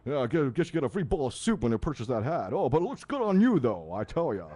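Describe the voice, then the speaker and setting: A man doing a gruff wisecracking old comic. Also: mid-range voice, sing-song, quick pace, warm tone, no echo. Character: wisecracking older male insult comic.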